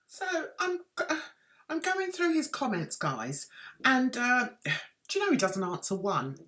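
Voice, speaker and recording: A woman's voice: medium pitch, pushed and bright. A woman doing mocking commentary on a video, sarcastic and exasperated. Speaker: YouTube commentator.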